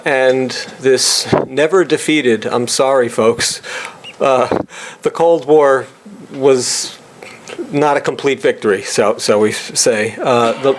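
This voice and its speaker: A middle-aged man with a New York accent giving a halting introductory speech to an audience, full of fillers and restarts. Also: medium pitch, a little hiss or hum. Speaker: introductory speaker.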